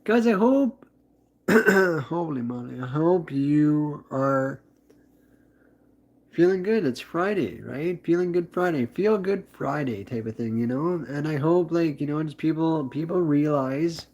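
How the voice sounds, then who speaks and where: A man's voice: on the high side, a little slow, a little mellow, dull audio. A man chatting on a live stream in a rambling, upbeat way, full of fillers and restarts. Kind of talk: casual live-stream chat.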